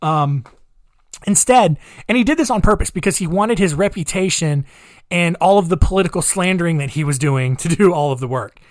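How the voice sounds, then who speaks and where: A man's voice: fairly high pitch, lively intonation, a little fast, dry recording, clean studio sound. A man hosting a podcast, telling history stories in a chatty, rambling way with sarcastic asides. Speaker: podcast host. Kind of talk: casual comedic monologue.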